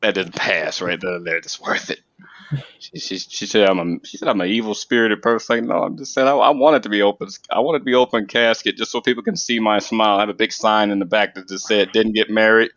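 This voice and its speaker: Man, low voice, rambling, dry humor, casual chat, lo-fi dry recording. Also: steady tone, quick pace, few pauses, a bit bright, dry recording.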